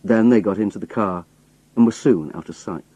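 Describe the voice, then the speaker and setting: A man reading a story aloud in first person, expressive storytelling. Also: lowish voice, fairly quick, slightly rough, no room sound, rough recording. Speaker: audiobook narrator. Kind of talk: scripted first-person narration.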